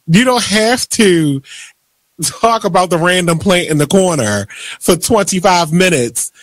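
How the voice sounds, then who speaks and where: A man hosting a radio show, chatting casually and ranting in animated bursts. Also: high-pitched, measured pace, dry recording. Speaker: radio host. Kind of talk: casual talk radio chat.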